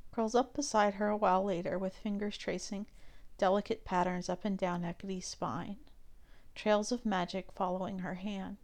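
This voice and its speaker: A woman reading a fan fiction story aloud in a soft, steady narrating voice. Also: medium pitch. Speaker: fanfiction reader. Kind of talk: scripted narration.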